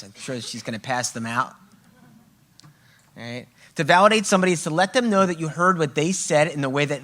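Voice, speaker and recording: A bright, clear male voice addressing a room full of parents. He talks emphatically and keeps checking in with his listeners as he leads a workshop on communication. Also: mid-range voice. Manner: emphatic, often checking in with "okay?" and "right?". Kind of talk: live workshop talk to an audience. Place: room with a live audience.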